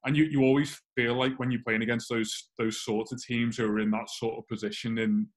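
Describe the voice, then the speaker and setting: A man guest on a football podcast call, animated and argumentative. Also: mid-range voice, a little fast. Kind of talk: casual football podcast chat.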